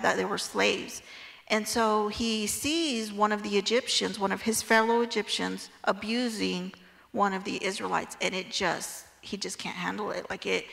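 A woman casually teaching a Bible passage in a chatty, animated way, full of "like" and "right?". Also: mid-range voice, vocal fry, big-room sound. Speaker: Bible study leader.

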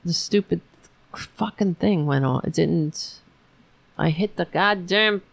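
A woman's voice: fairly low pitch, slow, gravelly. A woman hosting a political podcast, ranting alone in an angry, sarcastic, profane way with many restarts. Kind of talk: ranting solo commentary.

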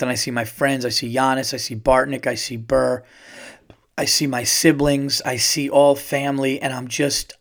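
A middle-aged man hosting a podcast, telling a long personal story in a rambling, excited way and swearing often. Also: medium pitch. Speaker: podcast host. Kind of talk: casual storytelling monologue.

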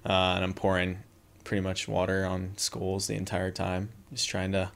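A young man from Southern California, a guest on an interview, recounting events in a relaxed, easygoing way. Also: deep voice, moderate pace, vocal fry. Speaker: beach volleyball player and coach, guest. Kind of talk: casual interview storytelling.

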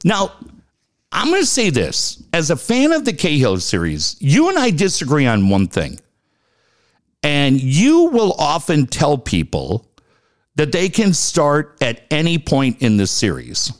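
A middle-aged man hosting a radio-style talk show, telling a story in a casual, animated way. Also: unhurried. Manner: animated storytelling, lively swings in pitch.

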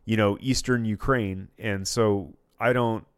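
Male co-host, casual and rambling, salty language; low and smooth. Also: steady tone, unhurried, dry recording. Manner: rambling, restarts, swears freely. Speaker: podcast co-host. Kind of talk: casual chat.

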